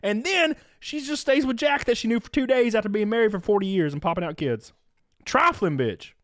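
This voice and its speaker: A man in his thirties hosting a casual streamed podcast, crude and excitable, laughing loudly and reading out chat messages. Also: very high voice, quick pace, dry recording, clean studio sound. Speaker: streamer host.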